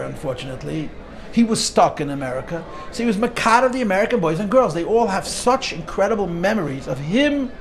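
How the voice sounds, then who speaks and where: A high-pitched man teaches Torah informally as a rabbi. He tells stories animatedly, often starting phrases over and weaving in Yiddish and Hebrew terms.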